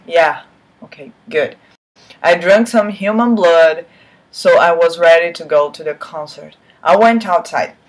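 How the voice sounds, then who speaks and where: A woman giving a mocking dramatic reading of a fan story, breaking off for sarcastic asides. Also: on the low side. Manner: sarcastic asides between read lines; swears and laughs at the text. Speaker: reader of fan fiction.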